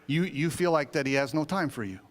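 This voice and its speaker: A man, an associate pastor, preaching a sermon in a conversational yet emphatic way, with sudden swells of excitement. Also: a little high, a little fast. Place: church sanctuary.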